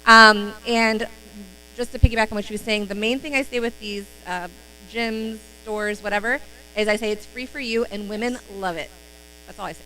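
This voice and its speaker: A woman with a bright, crisp voice shares sales tips in a casual live-stream chat. She sounds confident and matter-of-fact. A faint electrical hum sits behind her. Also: mid-range voice, fairly even intonation, normal speed, rough recording. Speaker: sales consultant.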